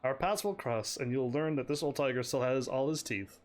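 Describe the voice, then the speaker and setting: A man putting on a proud, gruff old male kung fu master, reading game lines aloud with mock gravity. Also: medium pitch, brisk, natural voice.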